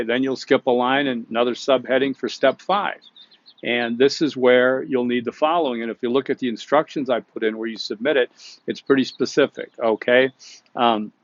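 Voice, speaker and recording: A man's voice: mid-range voice, no echo, lo-fi sound. A man giving recorded class instructions in a conversational way, often checking in with "okay?" and restarting sentences. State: hiccups.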